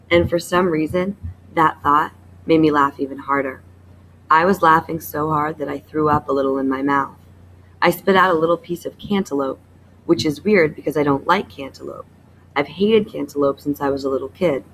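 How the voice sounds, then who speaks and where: Teacher lady reading a book out loud, gravelly low-key voice, faint hiss behind. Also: low-quality recording. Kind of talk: reading a novel aloud for a class.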